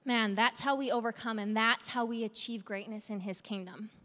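A woman delivers a sermon in a fairly high voice and a chatty, direct way, putting questions to her listeners. Her voice rings out with a long reverb tail, as in a large hall. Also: fairly even intonation, normal speed, bright, forceful tone. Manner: conversational, engaging congregation with direct questions. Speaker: pastor.

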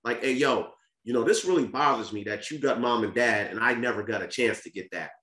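A man's voice: medium pitch, a little fast, fairly bright tone. A man speaking as a podcast guest, telling a candid personal family story in an earnest, casual way, often restarting and repeating words. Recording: roomy echo.

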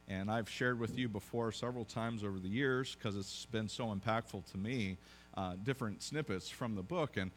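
A pastor preaching a sermon, telling a story conversationally with joking asides and frequent restarts. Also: male voice, fairly low pitch, a little hiss or hum.

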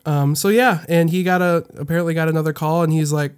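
A man's voice: fairly high pitch, steady tone, fast, clean tone. A young man co-hosting a casual chat, telling a story in a hesitant way with lots of fillers. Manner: hesitant, lots of ums, laughs easily. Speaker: podcast co-host.

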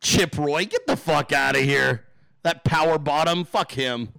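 Man, livestream host, high voice, dry close sound, profane emphatic rant, talks to chat. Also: measured pace, vocal fry, pushed and bright, no room sound. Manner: emphatic, profane, rambling, addresses viewers and chat directly. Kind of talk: casual profane political rant.

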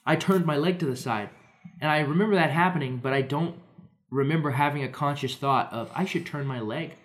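Young guy on a podcast, kinda high voice, laughs a lot telling his story. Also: fairly quick. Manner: laughs often, acts out voices in his stories. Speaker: podcast co-host. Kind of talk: casual storytelling chat.

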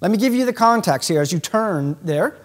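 Male pastor, sermon, high voice, very lively pitch, emphatic delivery. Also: fairly quick. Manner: animated, emphatic preaching with sudden shifts in pace.

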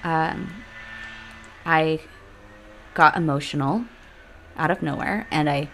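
Candid woman podcaster, low voice. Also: takes it slowly, faint music behind. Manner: candid, emotional, reflective, with sighs and soft laughs. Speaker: podcast host. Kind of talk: personal podcast monologue. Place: home room with leaf blower outside.

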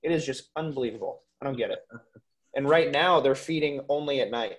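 A young man from Minnesota talks as a podcast guest, telling stories in an animated, rambling way. His voice sits at an ordinary middle pitch, and he leans on casual filler words and the odd swear. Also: fairly quick. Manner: animated storyteller, swears freely, lots of "like" and "dude". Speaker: podcast guest, waterfowl hunter.

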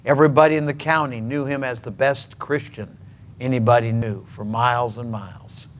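A man from Minnesota preaching a sermon, telling stories earnestly and emphatically with dramatic pauses. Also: mid-range voice, fairly even intonation, a little hiss or hum. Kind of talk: sermon storytelling.

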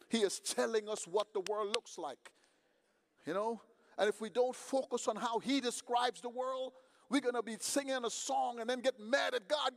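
A man preaching a sermon in a conversational way, swinging from quiet storytelling to loud emphasis. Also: sits high, normal speed, creaky. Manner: conversational, swings from quiet to shouting, acts out dialogues. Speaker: pastor.

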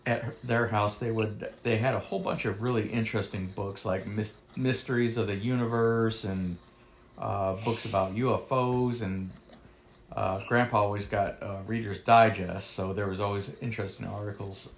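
A man hosting a podcast in casual chat, talking in a relaxed, hesitant way with lots of fillers. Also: fairly low pitch, moderate pace, slight background noise. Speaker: podcast host.

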